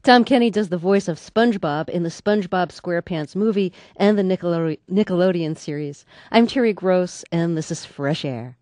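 Calm radio interviewer, woman, measured and even, close dry studio mic. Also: fairly low pitch, no echo.

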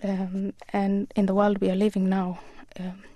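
A woman guest in a radio interview, speaking earnestly and in a measured way with frequent pauses. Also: medium pitch, monotone, dark tone, dry recording. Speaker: author and guest.

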